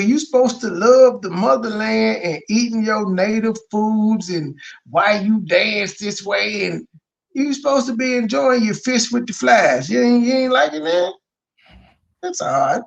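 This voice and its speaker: A man's voice: high voice, gravelly, fairly bright tone. A man hosting a reaction commentary, mocking and blunt, firing off rhetorical questions with plenty of profanity. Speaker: commentary host reacting to a livestream.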